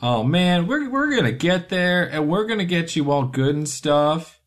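A man's voice: a little high, sing-song, a little slow, pitched above the performer's own voice. A man playing a weary male adventurer who is conflicted about his deeds, speaking earnestly and rambling a little. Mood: hopeful. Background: guitar music.

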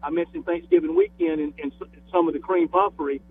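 Animated Southern man on a phone line. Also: on the high side, fast, a little hiss or hum. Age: 50s. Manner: enthusiastic, repeats words when starting sentences. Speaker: radio guest. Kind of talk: casual phone chat.

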